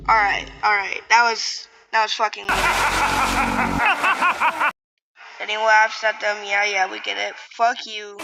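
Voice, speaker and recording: A woman's voice: on the high side, gravelly, very noisy. A young woman giving profane, mocking commentary as she reacts to a video, swearing constantly and laughing often. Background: loud music from the video she reacts to.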